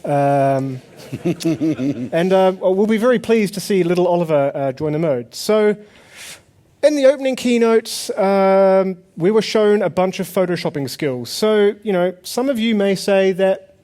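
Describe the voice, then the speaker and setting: A man's voice: high voice, animated, a little slow, dark tone. Jokey male conference presenter. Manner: jokey, playful, banters with audience. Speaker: conference session co-host. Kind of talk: comedic live stage presentation. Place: conference hall stage.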